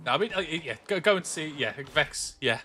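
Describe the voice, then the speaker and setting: His voice runs a little high and a little fast, expressive, bright and pushed, with slight background noise. He's a young gaming streamer from the Black Country with an English accent, chatting casually at home with plenty of filler and frequent restarts.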